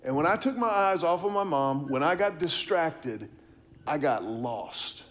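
A man's voice: on the high side, expressive, normal speed, a bit bright. A middle-aged man, preaching a sermon, telling a story and asking the congregation questions. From Texas, US. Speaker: pastor.

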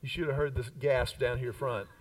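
A man's voice: mid-range voice, steady tone, moderate pace, far from the mic, poor audio. A man in his fifties preaching a sermon as pastor, with emphatic repeated lines and call-and-response. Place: church sanctuary.

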